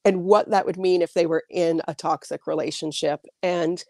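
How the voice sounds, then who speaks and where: Female author guest, lowish voice, dry sound, chatty and rambling on a video call. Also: fairly even intonation, normal speed, gravelly, a little mellow, no echo. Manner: chatty, many likes and restarts. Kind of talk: casual interview answers.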